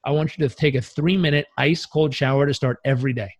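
A man coaching as a podcast guest, telling stories in an energetic, emphatic and casually profane way. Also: medium pitch, fast talker. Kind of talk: podcast interview storytelling.

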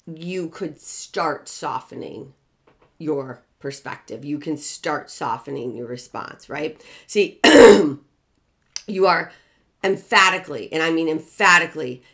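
A middle-aged woman hosting a relationship podcast, talking emphatically in a preachy, motivational way and repeating key phrases. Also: low-pitched.

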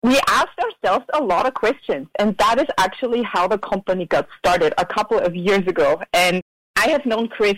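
A woman's voice: medium pitch, normal speed, fairly bright tone, no room sound, poor audio. A woman from Austria, a branding expert guest, chatting on a podcast. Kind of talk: interview talk.

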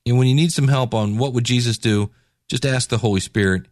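A man's voice: medium pitch, a little fast, darkish tone, no room sound, studio quality. A man hosting a podcast, giving a casual devotional talk in a laid-back, conversational way with slangy asides. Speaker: podcast host.

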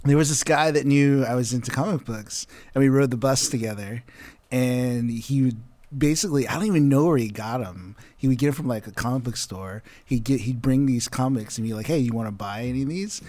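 A young man tells a school memory in a relaxed, chatty way, laughing as he goes. His voice is mid-pitched and dry, recorded close. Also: a little fast, no room sound. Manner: relaxed storyteller with frequent laughs and restarts. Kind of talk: casual chat.

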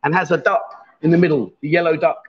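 A man in his fifties hosting a casual livestream from a bar, joking and bantering loudly with guests. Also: on the high side, fairly even intonation, a little fast. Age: 50s. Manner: jokey, banter-heavy, loud. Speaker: livestream host. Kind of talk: casual live-stream chat. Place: bar in Pattaya. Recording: dull, lo-fi livestream sound.

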